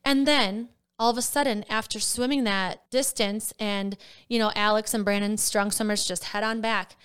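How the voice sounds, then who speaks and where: A young woman co-hosting a casual podcast, telling stories in an animated way with sudden high jumps. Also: normal speed, clean tone. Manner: animated storyteller, voice jumps high when excited. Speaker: podcast co-host. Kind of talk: casual chat.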